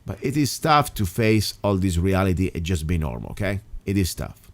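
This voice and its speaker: Emphatic talk radio host, lowish voice. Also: male voice, big pitch swings, a little fast. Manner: emphatic, rambling with restarts. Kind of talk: casual talk radio monologue.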